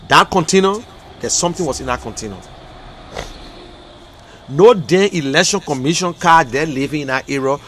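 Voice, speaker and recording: A man with a Liberian English accent, talking on a political livestream, emphatic and repetitive, swinging from low muttering to loud outbursts. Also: slight background noise. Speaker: livestream commentator. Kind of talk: impassioned political livestream rant.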